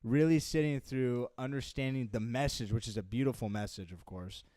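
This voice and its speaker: A man's voice: medium pitch, mellow, no echo. Earnest young man, dry close sound. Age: young adult. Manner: earnest, halting with fillers and restarts. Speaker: co-host. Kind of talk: casual chat.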